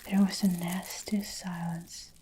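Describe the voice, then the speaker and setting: A woman narrating a story in whispered role-play, her words unhurried and breathy. Her tone is mellow and dark, at a middle pitch. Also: flat delivery, slight background noise, low-quality recording. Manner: slow, hushed storybook narration. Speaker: ASMR storyteller.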